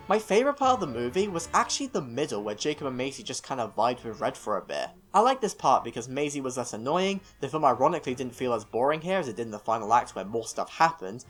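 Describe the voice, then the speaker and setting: A young British man reading a scripted film review, opinionated and self-mocking with rambling asides. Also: fairly high pitch. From United Kingdom.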